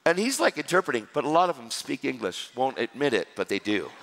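A man preaching a sermon, telling a story in a lively, joking way and acting out the dialogue. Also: medium pitch, fast, big-room sound, background noise. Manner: animated, jokey, acts out dialogue.

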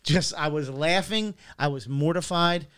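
A man co-hosting a casual chat, telling stories haltingly with many fillers and restarts. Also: on the high side, a bit bright, smooth, no echo, clean studio sound. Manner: hesitant storytelling full of fillers and restarts. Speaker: podcast co-host.

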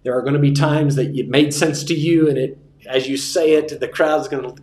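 A man teaching a class on sermon delivery, relaxed and joking, repeating his key points. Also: on the high side, a little fast, roomy sound. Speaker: preaching instructor.

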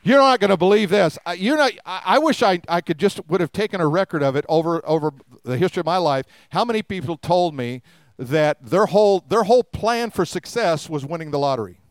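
A middle-aged man preaches a sermon in a high, clear voice. He jokes with the congregation and acts out the voices of the people he quotes. The sound is dry and close. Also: expressive, fairly quick, dry recording. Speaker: pastor.

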